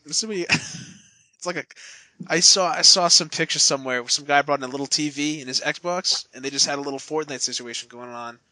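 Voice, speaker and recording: Bright-voiced man rambling through jokes. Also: fairly high pitch, fairly quick, no room sound. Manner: rambling, joking storyteller. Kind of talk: casual chat.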